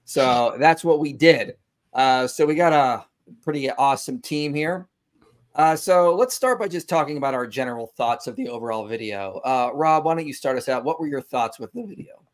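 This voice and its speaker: A man's voice: medium pitch, lively intonation, normal speed. Male host, playful and jokey, running a casual video-call panel. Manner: joking, playful.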